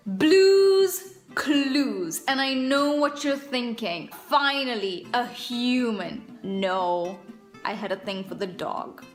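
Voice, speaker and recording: A woman's voice: fairly high pitch, slow, a bit bright, faint music behind. Playful young woman vlogging, echoey room. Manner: playful, self-mocking, chatty. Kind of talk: casual comic vlog.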